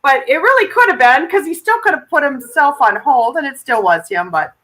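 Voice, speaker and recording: Woman guest, high animated voice, chatty and halting. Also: poor audio. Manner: chatty, halting restarts, quick to laugh. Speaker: podcast guest. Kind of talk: casual movie review chat.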